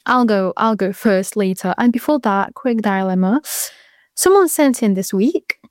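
A woman's voice: mid-range voice, animated, measured pace, no room sound, clean studio sound. A 22-year-old woman with a British accent, hosting a casual advice show and chatting frankly to listeners with rambling asides. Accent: British English.

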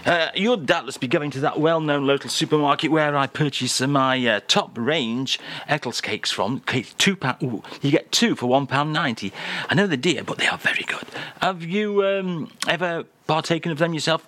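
A man's voice: a little high, normal speed, bright, forceful tone. A man hosting a comic radio chat in a jokey, mock-formal manner. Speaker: radio host.

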